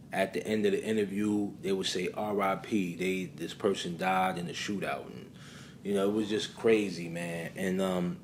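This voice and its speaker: A man's voice: sits low, slight background noise. A man hosting his channel, telling a story in loose casual commentary full of fillers. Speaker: channel host.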